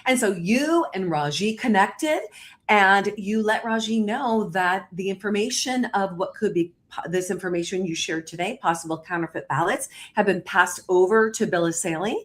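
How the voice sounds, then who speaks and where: A woman hosting a live online talk show over a video call, telling the story fast and emphatically, her pitch jumping up on key points. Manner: animated, emphatic storytelling with big pitch jumps. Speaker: host.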